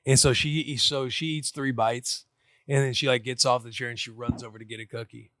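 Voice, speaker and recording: A man in his thirties tells a rambling, animated story about his small daughter on a casual podcast. He jumps between quoted voices and easy chat. His voice sits mid-range and sounds close and dry. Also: medium pitch, a little fast, no echo. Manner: excitable, acts out his daughter and himself in quotes. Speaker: podcast co-host, former football player.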